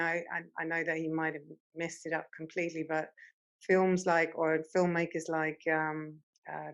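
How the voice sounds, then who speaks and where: A woman's voice: sits low, low-quality recording. A woman from the Netherlands with a Dutch accent, speaking English as a second language as an audience member, hesitant and restarting often. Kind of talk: casual panel discussion.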